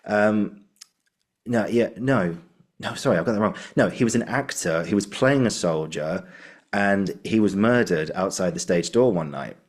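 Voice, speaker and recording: A man's voice: on the low side, moderate pace. A man hosting a podcast, chatting casually and telling anecdotes with acted-out quotes. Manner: chatty storyteller, acts out quoted voices. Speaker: podcast host.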